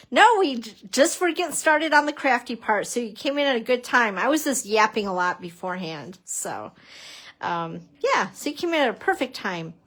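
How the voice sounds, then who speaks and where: A woman's voice: fairly high pitch, a bit bright. A middle-aged woman chatting through a casual papercraft tutorial on a livestream, greeting viewers by name and laughing often. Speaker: papercrafting instructor.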